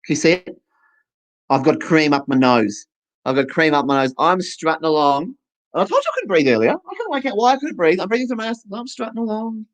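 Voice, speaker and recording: An Australian-accented comic storyteller with a very lively voice that swings up and down. The delivery is animated and self-mocking, and the voice sits in the middle of the pitch range. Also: a little fast, low-quality recording. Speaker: stand-up performer, voicing a deaf comedian's set. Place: online festival stage.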